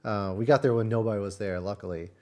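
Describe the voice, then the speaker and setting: A man's voice: lowish voice, steady tone, fast, warm tone. A man from Texas streaming and telling a rambling travel story in casual chat, full of fillers.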